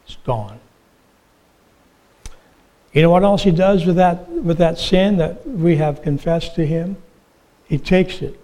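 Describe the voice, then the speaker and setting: A man preaching a sermon, telling illustrative stories and asking the congregation questions, with frequent "uh" pauses. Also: a little high, mellow, rough recording. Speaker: pastor.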